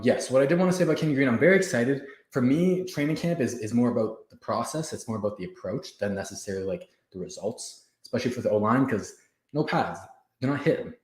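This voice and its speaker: A man's voice: mid-range voice, roomy sound. A young man hosting a fan livestream in casual chat, hyped and out of breath, laughing as he talks to viewers from his home. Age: young adult. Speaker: fan podcast host. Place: home room. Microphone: camera on the floor.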